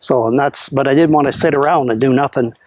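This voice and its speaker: A man who owns a mango farm talks casually and plainly about growing, with a relaxed manner and some fillers, outdoors on the farm. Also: mid-range voice, fast, heavy background noise. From Canada. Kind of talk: casual interview.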